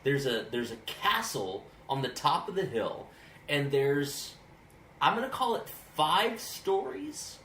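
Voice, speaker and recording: A man's voice: fairly high pitch, very animated, takes it slowly, pushed and bright. A man from Texas, a podcast co-host, chatting casually and enthusiastically, often stammering through restarts. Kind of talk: casual chat. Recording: roomy echo with faint hiss.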